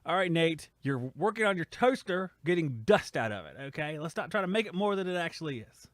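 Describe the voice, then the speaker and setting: A man's voice: on the high side, sing-song, fairly quick, no echo. A man hosting a casual live stream from a home studio, reading chat comments aloud and teasing the commenters in a rambling, joking way.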